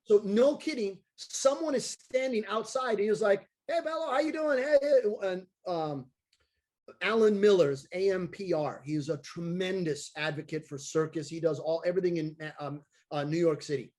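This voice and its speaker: A man, a circus clown and daredevil, telling an animated story on a video call and acting out the voices of the people in it. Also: high voice, normal speed. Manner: excitable, acts out voices of people in his stories.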